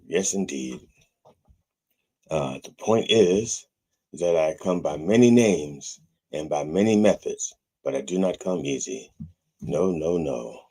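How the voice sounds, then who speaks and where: A man's voice: rumbling low, lively intonation, slow, mellow, husky. A man hosting as a comic reverend, delivering a parody sermon in a rambling, profane preaching manner.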